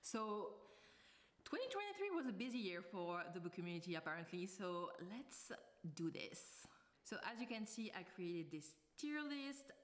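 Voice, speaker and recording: A woman's voice: mid-range voice, big pitch swings, moderate pace. A woman book vlogger talking to camera in a casual, chatty way, drifting into tangents and laughing often.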